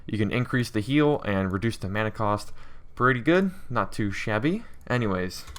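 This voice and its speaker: A man's voice: lowish voice, expressive, normal speed. A man giving a casual coding walkthrough as a game developer, thinking aloud with lots of fillers.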